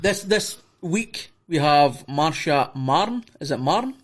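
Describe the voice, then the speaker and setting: A man's voice: a little high, expressive, slow pace. A Scottish man co-hosting a podcast, asking questions in a hesitant, casual way. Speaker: podcast co-host. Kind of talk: casual chat.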